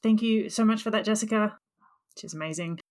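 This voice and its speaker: A woman's voice: mid-range voice, brisk, darkish tone. A woman hosting a podcast in casual chat, upbeat and effusive, over a remote call. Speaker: podcast host.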